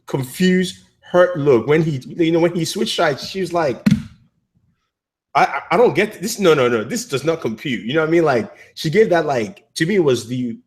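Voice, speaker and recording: A man co-hosting a casual movie review chat, rambling with many fillers and restarts. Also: medium pitch. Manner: acts out characters' lines in quotes.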